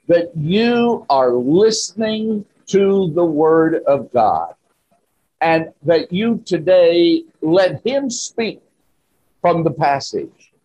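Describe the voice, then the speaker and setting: A man preaching a sermon in church, slow and emphatic with rising exclamations. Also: on the high side, mellow, breathy edge, low-quality recording. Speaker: pastor.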